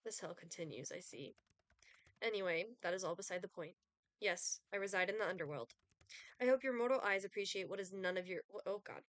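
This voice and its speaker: A woman voicing a cold, sardonic male Grim Reaper in a dating game, speaking in a dry, disdainful, deadpan way. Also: medium pitch, brisk, dry recording, close to an everyday voice. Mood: haughty.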